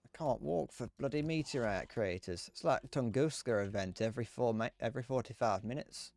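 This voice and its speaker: A man's voice: medium pitch, fairly quick, creaky, few pauses, a little mellow. A young man streaming a game, rambling casually with frequent restarts and chuckles. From Britain. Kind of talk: casual gameplay commentary.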